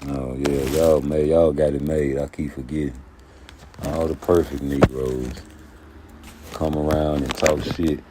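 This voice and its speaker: A man with a bass voice hosts his YouTube commentary channel against a noisy background, speaking unhurriedly. He delivers a casual, profane rant with streetwise flair and animated storytelling.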